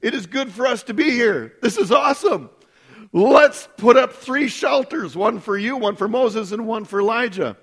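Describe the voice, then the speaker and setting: A man voicing an excited, impulsive male apostle, blurting out eager plans. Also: moderate pace, breathy edge, exaggerated voice. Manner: eager, higher and louder outburst.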